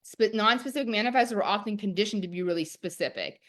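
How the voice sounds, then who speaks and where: A woman's voice: mid-range voice, fast talker, fairly bright tone. A young woman teaching a live-streamed masterclass, talking in a chatty, enthusiastic way full of "like". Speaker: online course teacher.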